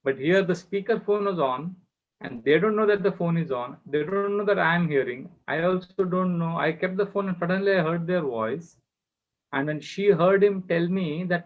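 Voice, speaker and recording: A man's voice: a little high, normal speed. A man giving a devotional class over a video call, telling a story and acting out the voices in it. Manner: storytelling, acts out quoted voices. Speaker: spiritual teacher. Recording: muffled video-call audio.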